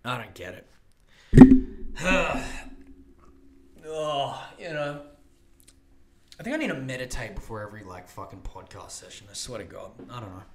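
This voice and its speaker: A man's voice: medium pitch, lively intonation, unhurried, long pauses, a little mellow. A young man hosting a solo podcast, ranting about politics in a profane, rambling way. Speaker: podcast host.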